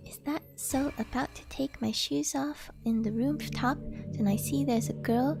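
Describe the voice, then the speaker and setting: A woman's voice: sits high, unhurried, gravelly, music in the background. A woman live-streaming, chatting casually and reading chat aloud, gushing with delight and giggling often.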